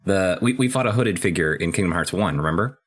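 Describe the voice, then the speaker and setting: A man co-hosting a podcast, casually recapping and discussing a video game in a relaxed, chatty way. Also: low-pitched, fast talker, breathy edge. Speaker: podcast co-host.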